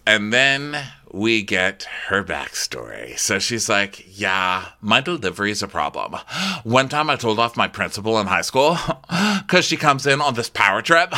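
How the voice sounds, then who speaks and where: A man hosts a casual comedy recap. His voice is very bright and sharp, and his pitch swings widely and animatedly. He keeps breaking into laughter and slips into high, mocking impressions of the people he describes. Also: very animated, unhurried. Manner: laughs often, mimics cast members in high voices. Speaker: podcast co-host recapping a reality show.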